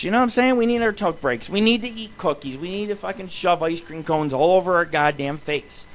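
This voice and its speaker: A man's voice: high-pitched, brisk, hardly any pauses. Ranting, foul-mouthed man hosting a show. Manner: loose, swearing, ranting, excitable. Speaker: radio show host. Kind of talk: profane rambling monologue. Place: home studio.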